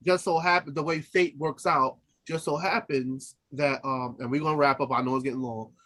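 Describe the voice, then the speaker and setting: A man co-hosts a casual podcast, talking in a slightly high voice. He is an opera singer who chats loosely, laughs often and restarts his sentences as he tells stories. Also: fairly even intonation, normal speed, fairly bright tone. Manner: chatty, laughs easily, trails off and restarts. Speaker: podcast co-host. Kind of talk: casual chat.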